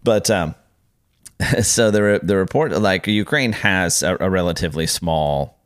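Rambling deep-voiced man chatting casually. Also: measured pace, no echo, studio quality. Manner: rambling, hesitant, many fillers and restarts. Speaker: podcast co-host. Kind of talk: casual chat.

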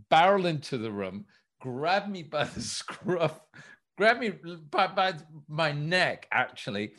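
A man recounting casting stories in an interview, acting out the dialogue as he goes. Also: mid-range voice. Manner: animated storyteller, acts out dialogue. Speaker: guest, director recalling casting. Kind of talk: anecdotal storytelling in an interview.

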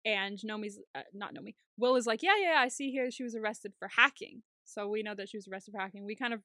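A woman's voice: medium pitch, quick pace, pushed and bright, no echo, studio quality. A woman co-hosting a podcast, casually recapping a show, laughing often and acting out scenes in different voices. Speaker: podcast co-host.

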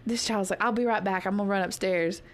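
A woman's voice: mid-range voice, fast talker. A woman co-hosting a podcast in casual chat, acting out conversations with her kids. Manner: animated, acts out family dialogue. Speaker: podcast co-host.

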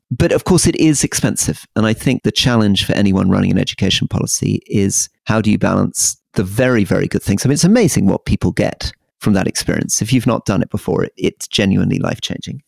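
Man, podcast co-host, casual political chat, animated, teasing, gravelly, dry sound. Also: fairly low pitch, fast, hardly any pauses, no room sound. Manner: animated, history-minded, teasing.

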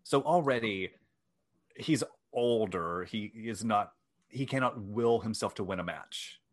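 A man's voice: lowish voice, a little slow. A man hosting a chat show, telling a story in a wry, self-deprecating way and sometimes reading from his notes. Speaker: podcast host.

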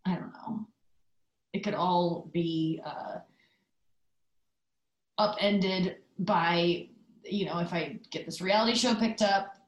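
A woman's voice: fairly low pitch, roomy sound, poor audio. Chatty woman telling a story. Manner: chatty storytelling, loose fillers, quick asides. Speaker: podcast host. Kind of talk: casual monologue.

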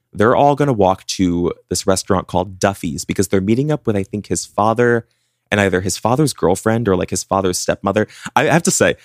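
A man's voice: lowish voice, no echo, clean studio sound. A man co-hosting a podcast, retelling a true-crime case in a casual, chatty way with frequent "like" fillers. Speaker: podcast co-host.

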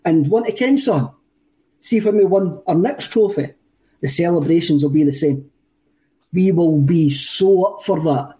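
Scottish guy on a football podcast, high-ish soft mellow voice, gets carried away and repeats himself. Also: a little slow, rough recording. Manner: enthusiastic, rambling, repeats himself. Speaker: podcast co-host. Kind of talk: casual chat.

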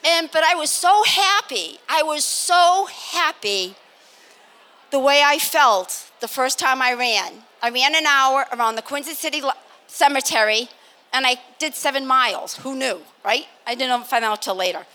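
An older woman from Massachusetts telling a lively story as a guest on a live panel, laughing and acting out what people said. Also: high-pitched, measured pace. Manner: animated, laughing, acts out quotes. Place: live expo stage.

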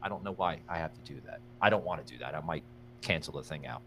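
A man's voice: extremely low pitch, expressive, fast talker, a bit bright. Rambling young male livestream host. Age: young adult. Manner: rambling, thanks viewers by name, many fillers. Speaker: podcast host. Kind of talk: casual livestream chat.

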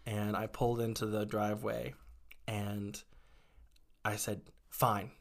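A man's voice: lowish voice, flat delivery, slow pace, vocal fry, pauses often. A man, a guest in an interview, candidly telling personal stories in a conversational way, with many fillers and acted-out quotes.

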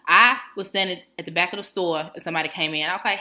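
A woman's voice: lowish voice, fast talker. A woman telling a rambling, profane story on a casual chat show, acting out the people in it. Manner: animated, profane, mimics people in her stories. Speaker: podcast co-host.

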